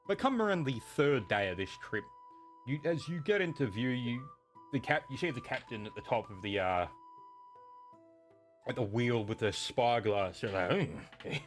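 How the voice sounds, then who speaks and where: A man's voice: mid-range voice, animated, moderate pace, soft background music. A man narrating as game master of a tabletop game, rambling with many fillers and restarts.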